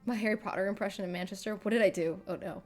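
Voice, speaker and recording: A woman's voice: mid-range voice, fairly even intonation, very fast, faint music behind. A woman hosting a livestream, chatting casually and reading comments, rambling and self-mocking with lots of fillers. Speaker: livestream host.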